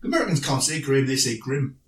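A man's voice: fairly high pitch, fairly quick. A man co-hosting a casual podcast, telling rambling, self-mocking anecdotes with frequent restarts. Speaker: podcast co-host. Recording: roomy, distant mic, faint noise.

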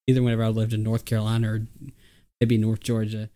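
A man's voice: lowish voice, monotone, fast, mellow. A man co-hosting a podcast, rambling through stories with fillers and frequent laughter. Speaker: podcast co-host. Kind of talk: casual chat.

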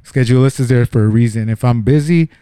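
A barber chatting casually in a podcast conversation, telling rambling stories about clients. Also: male voice, mid-range voice, fast talker, mellow, smooth, dry recording, clean studio sound.

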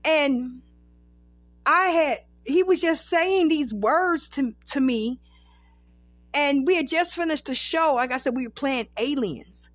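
High-voiced profane woman telling stories. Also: slow, no echo. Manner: profane, rambling, animated storytelling. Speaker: podcast host. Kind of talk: casual storytelling monologue.

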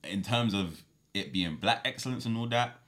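A young man, an actor telling stories as a guest in a casual podcast chat, animated and full of slang. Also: on the low side, normal speed.

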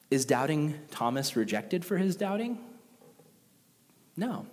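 A man's voice: mid-range voice, brisk. Conversational male preacher in a hall. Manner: conversational, animated, with acted quotes. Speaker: pastor. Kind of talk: sermon. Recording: long reverb of a large hall.

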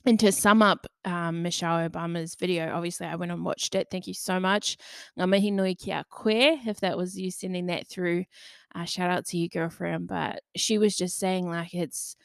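A woman's voice: on the low side, fairly even intonation, moderate pace, creaky, no room sound, studio quality. A young woman talking candidly in a loose, chatty way, full of fillers and the odd swear word. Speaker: podcaster. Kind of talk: candid personal monologue.

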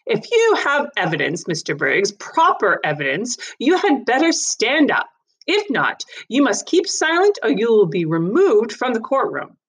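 Stern, formal female magistrate in a storybook reading, read by a woman, commanding and lively in pitch. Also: measured pace, slightly rough, exaggerated voice. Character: stern female magistrate presiding over court.

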